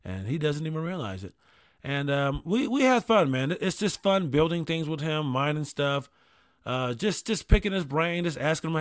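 A man telling casual comedic stories about gaming with his kid, profane and animated, with quick asides. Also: on the high side, dry recording, studio quality.

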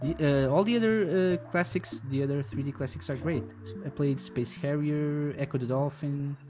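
Male co-host, halting casual delivery, music clearly in the background. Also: on the high side. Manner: hesitant, many restarts and fillers. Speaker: podcast co-host. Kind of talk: casual podcast chat.

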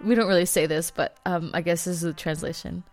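Chatty woman vlog host, self-deprecating, with soft music behind. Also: fairly low pitch, fairly even intonation, fast, no room sound. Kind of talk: casual travel chat.

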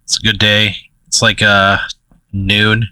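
Bright-voiced man spinning a rambling tale. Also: fairly low pitch, completely flat delivery, slow, dry recording. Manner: rambling storyteller, laughs mid-sentence, many fillers. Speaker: podcast co-host. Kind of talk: casual comedic chat.

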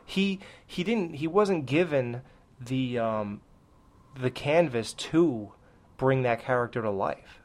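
Male podcast co-host, mid-pitched, chatty and opinionated reviewer. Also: slow. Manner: animated, opinionated, many "like"s. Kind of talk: casual movie review chat.

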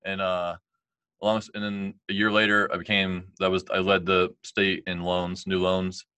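A man's voice: low voice, monotone, a little slow, sharp tone, smooth, dry recording. A man in his thirties, a guest telling a candid, rambling life story with frequent laughs.

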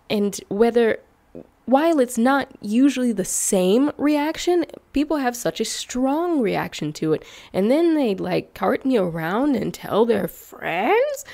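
A young woman YouTuber chats casually with her vlog viewers in an animated, vocal-fry voice, speaking a little slowly. Her pitch swoops upward on questions and asides, and she laughs often between thoughts.

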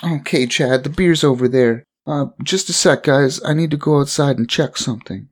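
A man voicing a nervous, high-strung young man hosting a party in a tabletop game. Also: normal speed, slightly rough. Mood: flustered.

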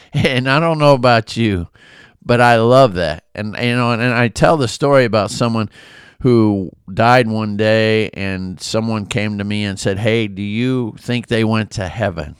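A man's voice: lowish voice, unhurried, clear, resonant tone, no room sound. A man giving an informal, earnest Bible commentary, talking conversationally with asides and restarts. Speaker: Bible devotional host.

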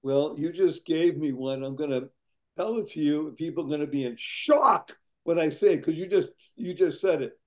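A hoarse man talking as a podcast guest, exuberant and playful, spelling words out. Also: a little high, normal speed. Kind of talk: casual podcast chat.

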